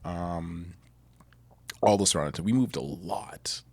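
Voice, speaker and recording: A man talks as a podcast guest in a loose, rambling way and laughs often. His voice sits somewhat low. The recording is dry and close. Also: slow, a little mellow, dry recording. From Massachusetts. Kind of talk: casual chat.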